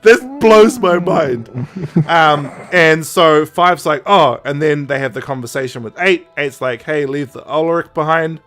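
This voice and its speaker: A young man hosting a podcast, retelling a story in a casual, animated way, quoting characters in quick put-on voices and laughing often. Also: a little high. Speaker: podcast host. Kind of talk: casual chat recapping a story.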